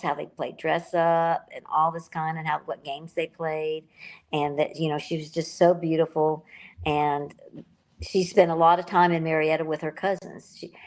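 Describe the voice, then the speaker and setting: A woman's voice: sits low, a little mellow. An older woman, an author being interviewed, talking in a rambling, emotional way and correcting herself as she goes. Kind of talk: casual interview talk.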